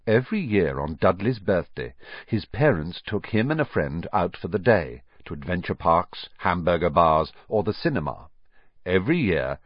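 Husky guy reading an audiobook, lively, lowish voice, kinda dull lo-fi. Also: no room sound. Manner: expressive, lively storytelling. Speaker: narrator. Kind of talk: audiobook narration.

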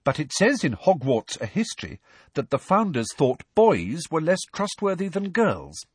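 A man voicing a clever, firm teenage schoolgirl in an audiobook reading, talking in a crisp, measured and grim way. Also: a little high, very animated, a little mellow, no room sound, clean studio sound, pitched above the performer's own voice. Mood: cool, firm.

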